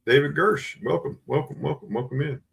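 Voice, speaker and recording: A man's voice: a little high, fairly quick, vocal fry, a bit bright, slightly rough. A man hosting a casual live-stream coin sale, greeting viewers by name over and over in a chatty way. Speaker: livestream host selling coins.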